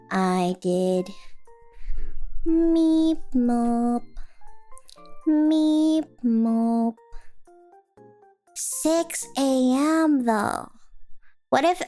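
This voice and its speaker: Sleepy girl streamer, high voice, talks slow, rambly and silly w/ little sing-song noises. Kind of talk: casual live-stream chat.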